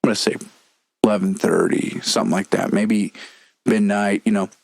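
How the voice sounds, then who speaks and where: A man's voice: on the low side, steady tone, moderate pace, creaky, no echo. A man guesting on a podcast, telling rambling, profane anecdotes in casual chat.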